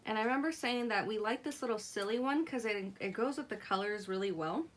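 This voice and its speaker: Young woman, higher voice, giggly, casual craft livestream chat, reads comments out. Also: fairly quick, slight background noise. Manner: giggly, laughs often, reads chat aloud.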